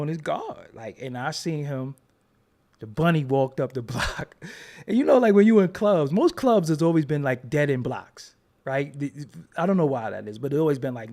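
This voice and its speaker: A man's voice: mid-range voice, gravelly. A man hosting his own show, talking in a joking, rambling commentary style. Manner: animated, joking, rambling storyteller. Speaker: show host. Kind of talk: casual commentary monologue.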